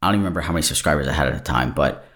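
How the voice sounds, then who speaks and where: Low-pitched male podcast host; candid, rambling solo talk that wanders off mid-sentence. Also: rapid-fire, a bit bright. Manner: candid and digressive, breaks off mid-thought. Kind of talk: casual solo podcast monologue. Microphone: camera-recorded.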